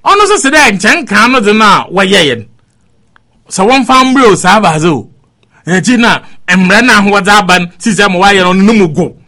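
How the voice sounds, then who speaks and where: A man's voice: high-pitched, lively intonation, brisk, sharp tone. A Ghanaian man giving emphatic political commentary on a radio talk show, mixing in English phrases.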